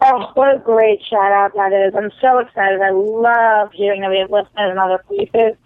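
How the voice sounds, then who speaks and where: A woman co-hosting a podcast over a phone line, chatting in an animated, self-deprecating way about a TV episode. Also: medium pitch, moderate pace, no room sound. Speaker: podcast co-host. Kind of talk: casual TV recap chat.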